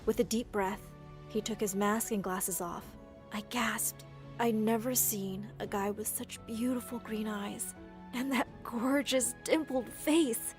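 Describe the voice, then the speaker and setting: A woman's voice: a little high, a little slow, soft background music. A woman narrating a romantic story in first person, emotional in tone. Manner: emotional, swelling into excited cries.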